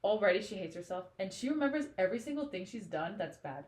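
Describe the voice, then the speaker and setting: A woman's voice: medium pitch, very animated, fast talker. Gushing woman in a roomy echo. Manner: emotional, gushing, lots of "like" fillers. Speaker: podcast co-host. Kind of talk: casual book discussion chat.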